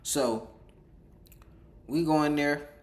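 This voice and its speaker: Male storyteller, casual rambling monologue, lively delivery, reverberant room. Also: a little high, drawn-out words. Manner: rambling, animated, acts out quoted dialogue. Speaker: storyteller vlogger.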